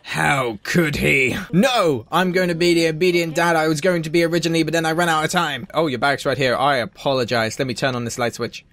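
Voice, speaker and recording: A man's voice: a little high, fairly even intonation, brisk, hardly any pauses, fairly bright tone, no echo. A young man giving sarcastic, sweary let's play commentary. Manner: sarcastic, sweary running jokes. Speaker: gaming commentator.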